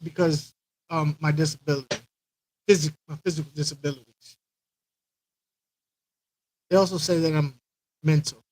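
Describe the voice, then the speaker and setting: A man's voice: on the high side, fairly even intonation, moderate pace, pauses often, darkish tone, no echo, poor audio. A man hosting a live stream, chatting loosely with viewers, rambling and repeating himself as he greets them by name. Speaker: aquarium channel host.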